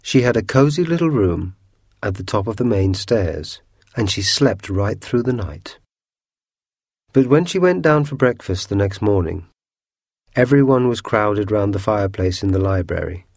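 A man narrating a storybook chapter with steady, clear storytelling. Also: lowish voice, moderate pace, no echo, studio quality. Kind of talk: storybook reading.

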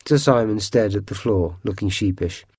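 Brief: measured male story narrator, dark warm tone. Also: fairly low pitch, breathy edge, no room sound, studio quality. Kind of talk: storybook reading.

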